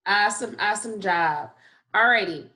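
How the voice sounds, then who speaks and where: A woman teaching a phonics lesson to young children, speaking in a slow, encouraging way and stretching out the sounds of words. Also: mid-range voice, sharp tone. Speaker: kindergarten teacher.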